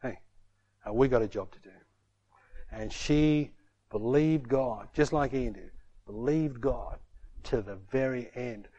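Male pastor, middle-aged, preaching an emphatic sermon, mid-pitched voice, keeps saying "hey". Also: slow, pauses often, warm tone, lo-fi sound.

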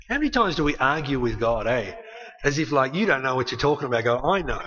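A man preaching a sermon in a conversational, animated way, often ending points with a tag question. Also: a little high, highs cut off.

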